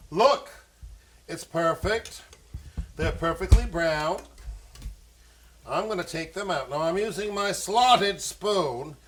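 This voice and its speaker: High bright-voiced Maine man cooking. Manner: fussy, exclamatory, old-fashioned sayings. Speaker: cooking show host. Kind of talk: playful cooking demonstration for children. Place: home kitchen.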